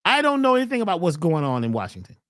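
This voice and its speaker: A man hosting a spiritual health webcast, preaching in a steady run of rhetorical questions. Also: high-pitched, rapid-fire, no room sound, studio quality. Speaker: natural health webcast host. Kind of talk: spiritual motivational talk.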